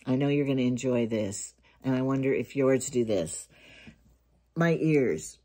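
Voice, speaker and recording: A woman's voice: a bass voice, lively intonation, unhurried, warm tone. An older woman with grandkids, talking casually to camera in a rambling, chatty way and telling jokes. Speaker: vlogger.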